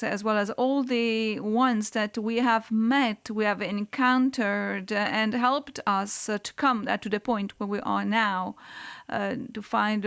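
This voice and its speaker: Slow, clear-voiced woman interpreting. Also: fairly high pitch. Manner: hesitant, halting, many fillers. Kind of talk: simultaneous interpretation.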